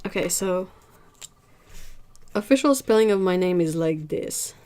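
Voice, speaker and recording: Chatty, emphatic woman, slightly low voice. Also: measured pace, background noise. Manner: chatty, answers viewers' chat; emphatic, lively complaining. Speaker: art livestream host. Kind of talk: casual livestream chat.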